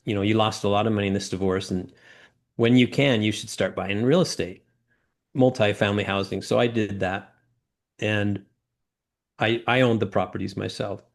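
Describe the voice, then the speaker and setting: Animated middle-aged man telling stories. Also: on the low side, normal speed, gravelly, pauses often. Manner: animated storyteller acting out quoted voices. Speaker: guest, former ladder company owner. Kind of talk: storytelling interview talk.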